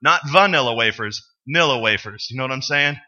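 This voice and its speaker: A man's voice: medium pitch, expressive, a little fast, bright, forceful tone, highs cut off. A man preaching a sermon to his congregation, telling stories with humor and asking the people questions. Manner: conversational storytelling with humor, asks the congregation questions. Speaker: pastor. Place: church sanctuary.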